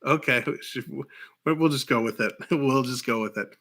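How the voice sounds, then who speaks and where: A Canadian-accented man with a medium, slightly bright voice calls live hockey play by play. He rattles off rapid calls and mixes in chatty asides to viewers between plays, laughing often.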